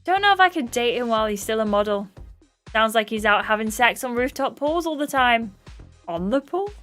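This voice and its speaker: A woman's voice: fairly high pitch, expressive, a little fast, a bit bright, faint music behind. A woman streaming a story game, reading its dialogue aloud and chatting with her viewers, often apologizing for her slips.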